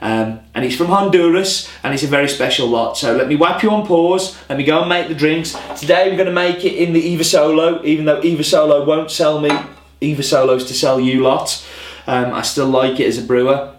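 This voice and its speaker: A man hosts a casual coffee vlog, talking to camera in a chatty, rambling way with self-deprecating asides. His voice sits a little higher than most men's. The sound carries a roomy echo. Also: steady tone, brisk.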